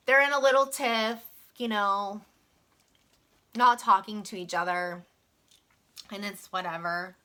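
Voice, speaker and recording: A young woman vents about her job in a frank, chatty storytime, leaning on little fillers as she goes. Her voice is clear and bright, with a keen edge to it. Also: a little high. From West Virginia. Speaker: vlogger. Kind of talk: casual storytime venting.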